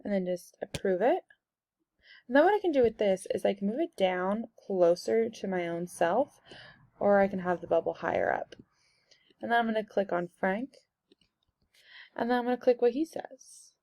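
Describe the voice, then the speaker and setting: Gravelly-voiced woman explaining software. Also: medium pitch, lively intonation, moderate pace, long pauses. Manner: casual, step-by-step explaining. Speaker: instructor. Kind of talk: software tutorial screencast.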